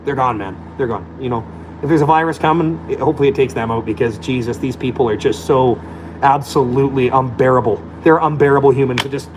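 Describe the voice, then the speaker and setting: A man's voice: mid-range voice, fast talker, slight background noise, poor audio. A man delivering a blunt, profane, scornful rant to camera as a vlogger. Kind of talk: profane ranting monologue.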